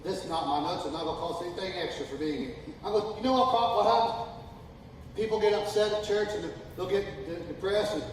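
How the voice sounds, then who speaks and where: Pastor, man, slightly high voice, emphatic sermon that swells into shouting, distant mic in an echoey hall. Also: slight background noise. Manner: builds from calm talk to loud, drawn-out shouting; folksy, emphatic preaching. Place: church sanctuary.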